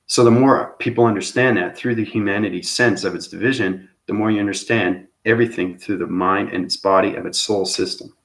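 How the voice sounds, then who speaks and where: Deep-voiced male host, meandering spiritual talk, habitual "okay?" check-ins. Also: fairly even intonation, brisk, few pauses, fairly bright tone. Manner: repeats "okay?" as a tag after phrases; loose, searching phrasing with restarts. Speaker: channel host. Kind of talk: rambling spiritual monologue.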